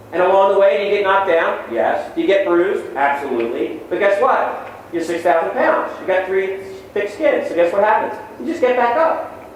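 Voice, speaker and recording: A middle-aged man with a fairly high voice gives an energetic motivational lecture to students. He fires off punchy lines and keeps checking in with "okay?" His voice bounces around a big hall and sounds far from the mic, over a faint hum of room noise. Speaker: motivational speaker. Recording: very echoey hall, distant mic.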